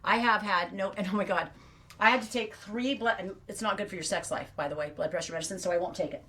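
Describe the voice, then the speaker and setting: A woman's voice: mid-range voice, quick pace, a bit bright. Middle-aged woman rambling to her livestream, self-deprecating, a little far off the mic. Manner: chatty, self-deprecating, digressive. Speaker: knitting show host.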